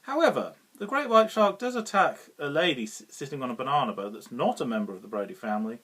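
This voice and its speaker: A man's voice: mid-range voice, sing-song, fast, a bit bright, breathy edge. A British man giving a casual, rambling film review, often chuckling and restarting his sentences. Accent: British English. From Britain.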